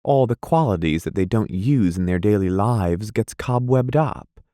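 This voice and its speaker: A man reading aloud, voicing a composed, scornful young wife in a quiet, measured way. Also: on the low side, lively intonation, no room sound, studio quality. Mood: wistful.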